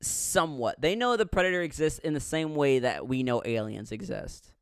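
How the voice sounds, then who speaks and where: A man with a slightly high, smooth voice, recorded close and dry, talks his way through a movie in casual chat. He tells it as a running story and jumps into loud, swearing impressions of the characters along the way. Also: expressive, moderate pace, no room sound. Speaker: podcast co-host reviewing a movie.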